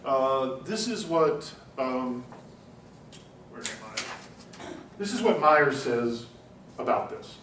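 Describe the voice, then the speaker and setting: A man giving a university class lecture, telling anecdotes in an animated, chatty way with frequent "you know"s. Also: medium pitch. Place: lecture room. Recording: roomy classroom, distant mic, faint hum.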